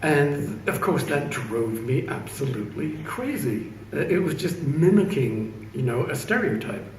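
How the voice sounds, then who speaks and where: A middle-aged man with an English accent, telling anecdotes in a measured, wry, reserved way during an opening speech. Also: on the high side, expressive. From England. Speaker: speaker. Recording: echoey room from a distance, faint hum.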